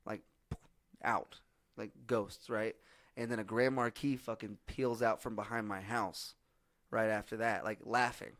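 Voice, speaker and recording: A young man with a hoarse, husky voice, worn out from yelling. He tells a rambling story full of swearing and fillers. His voice sits fairly low, and the sound is dry and close. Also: unhurried, no echo. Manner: profane, rambling, animated storytelling with many fillers. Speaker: podcast host. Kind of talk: casual storytelling chat.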